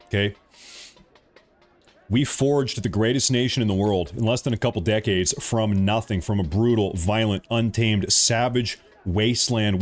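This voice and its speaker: An American man hosting a live stream, ranting emphatically and repeating himself. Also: mid-range voice. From United States. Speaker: livestream host. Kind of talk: heated live-stream commentary.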